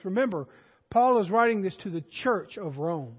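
A man's voice: high voice, expressive, moderate pace, breathy edge. A man with a Southern American accent, preaching a sermon as pastor in a folksy way that rises to emphatic preaching. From Southern United States. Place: church sanctuary. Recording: dull lo-fi sound in a reverberant hall.

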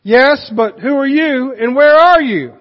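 A preacher voicing a panicked man hanging from a branch on a cliff, shouting and pleading for help. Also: extremely high pitch, lively intonation, a little slow, big-room sound, lo-fi sound, voice pushed up. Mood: desperate.

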